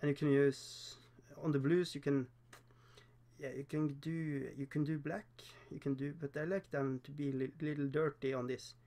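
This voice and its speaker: Speaking English as a second language with a Norwegian accent, a man from Norway chats through a casual livestream as he paints miniatures. His voice is a little high and mellow, with little pitch movement. He jokes at his own expense, laughs often, and pauses on fillers.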